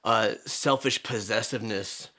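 A man's voice: on the low side, measured pace, bright, forceful tone. A man co-hosting a film discussion as a therapist, explaining in an earnest, casual way. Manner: earnest, explanatory, laughs easily. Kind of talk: casual chat.

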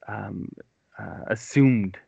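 A man's voice: lowish voice, extremely slow, vocal fry, a little mellow, slightly rough, no echo. A British man hosting a casual chat, talking in a chatty, self-mocking and rambling way. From United Kingdom. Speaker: podcast host. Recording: dry, dull lo-fi sound.

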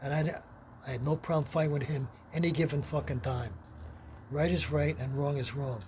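Gruff swearing New man. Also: on the high side, steady tone, moderate pace, darkish tone. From Long Island, New York. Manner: blunt, heavy swearing, gruff. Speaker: storyteller. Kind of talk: rambling profane anecdote. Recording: noisy background with vehicle sounds.

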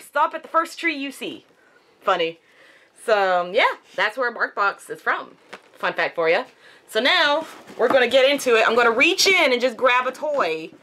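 A woman vlogging a casual unboxing at home, chatty and excitable, cooing at her dogs. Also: a little high.

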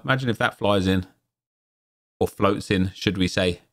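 Male gaming host, lowish voice, chatty pack-opening commentary with sudden excited yelps. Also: normal speed. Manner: chatty, jumps into excited exclamations at pulls. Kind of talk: casual gameplay commentary.

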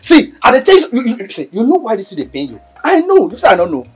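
An actor with a Nigerian accent playing a cheeky young houseboy who mocks and teases in a sing-song way. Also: male voice, very high-pitched, huge pitch swings, quick pace, slightly rough, heavily acted. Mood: mocking. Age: young adult. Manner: mocking, teasing, sing-song. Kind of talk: film acting.

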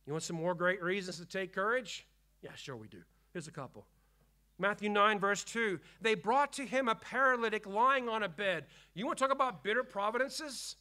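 A man preaching a sermon as pastor, emphatic and repetitive, dropping to hushed tones and rising again. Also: high-pitched. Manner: emphatic preaching, swinging between hushed and loud; repeats key phrases for emphasis. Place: church.

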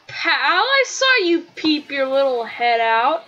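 A woman commentating her own gameplay as it happens, bursting into shouts and taunting the other players. Her voice sits extremely high and leaps all over the place, and her tone is bright and sharp. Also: slow, hardly any pauses, dull audio. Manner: excitable, yelling, trash-talking opponents.

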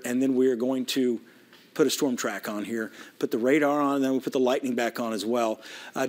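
A TV meteorologist on air during a live severe weather broadcast, his voice pitched a little high. He speaks with steady urgency from the studio, walking viewers through the radar. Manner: urgent, rapid, working the radar while talking.

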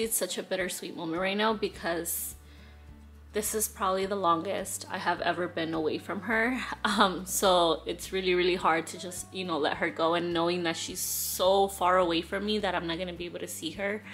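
A young woman, a mother, talking casually and emotionally to her vlog audience, gushing and repeating herself, with soft music underneath. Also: on the low side. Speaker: family vlogger, mother.

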